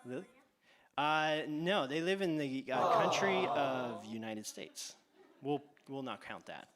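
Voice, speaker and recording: A man's voice: fairly high pitch, background noise. A man hosting a playful animal quiz for children on a church stage, teasing and drawing out his questions. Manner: animated, teasing, exaggerated pauses. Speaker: quiz host at a church kids' event.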